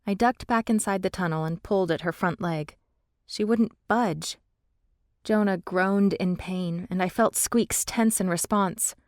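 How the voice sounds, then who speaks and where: A woman narrating a fantasy audiobook in the first person, steady and measured, on a close studio mic. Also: mid-range voice, no echo.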